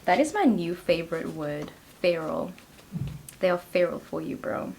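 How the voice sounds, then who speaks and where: A woman's voice: fairly low pitch, sing-song, normal speed, vocal fry, noisy background. A woman reading tarot cards for her viewers in a chatty, giggly way, peppering her talk with 'like'. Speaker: tarot reader. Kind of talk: casual pick-a-card tarot reading.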